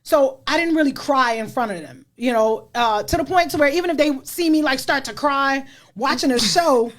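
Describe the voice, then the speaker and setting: A middle-aged woman hosts a podcast and speaks openly and honestly about motherhood in a candid, casual chat. She laughs a lot and keeps using fillers like "you know." Her voice is high and slightly bright, at a normal speed.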